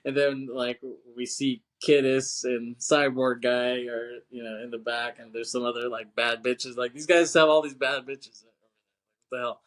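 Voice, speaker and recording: A man co-hosting a podcast casually retells a film scene, rambling, swearing, laughing often and acting out lines from it. His voice is medium in pitch, fairly even in intonation, unhurried and a bit bright.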